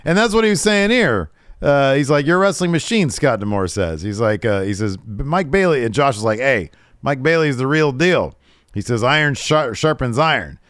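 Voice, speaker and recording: A man's voice: mid-range voice, big pitch swings, normal speed, fairly bright tone, dry recording, clean studio sound. A man co-hosting a podcast, laid-back and a bit profane, loosely quoting what the wrestlers said. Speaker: podcast co-host. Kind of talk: casual wrestling recap chat.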